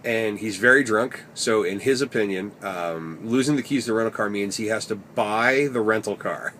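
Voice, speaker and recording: A man's voice: fairly low pitch, normal speed, a bit bright, slight background noise. A man telling stories from his taxi shifts in a rambling, wry way, sometimes swearing, recorded inside his cab. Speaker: taxi driver. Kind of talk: casual storytelling vlog.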